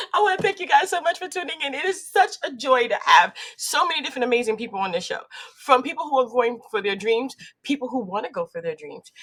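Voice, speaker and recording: Bubbly, lively-voiced woman host. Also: on the high side. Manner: bubbly, exclamatory, laughs often. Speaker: podcast host. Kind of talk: upbeat interview chat.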